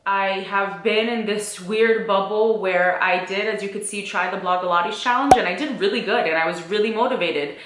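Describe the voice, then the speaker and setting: A young woman speaks in a casual, confessional vlog, chatty and open, with plenty of "like" between her thoughts. Her voice sits at a middle pitch and carries the echo of a bare room. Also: pushed and bright. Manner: open, chatty, emotional at times, many fillers like "like". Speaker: vlogger. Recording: echoey room.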